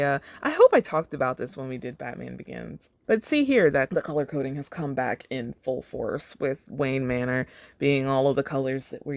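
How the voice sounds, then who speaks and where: Chatty host reading fan fiction, wry commentary; dry, close, mid-pitched voice. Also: dry recording. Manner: wry, chatty asides with laughs. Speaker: podcast host.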